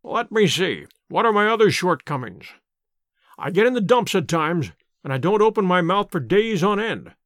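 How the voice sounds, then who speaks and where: A man reading the part of a sharp, eccentric male amateur detective, brisk and confiding, in an audiobook. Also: high-pitched, big pitch swings, no echo, studio quality.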